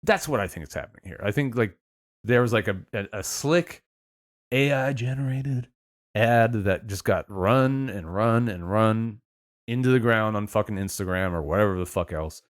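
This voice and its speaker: A man's voice: lowish voice, normal speed. A man co-hosting a podcast, rambling in a casual, sarcastic way and swearing often. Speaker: podcast co-host.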